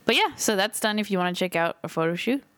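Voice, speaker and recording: A woman's voice: mid-range voice, expressive, fast talker, fairly bright tone. A woman co-hosting a podcast, chatting casually with lots of filler words and frequent laughs. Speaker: podcast co-host. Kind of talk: casual chat. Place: Seattle area.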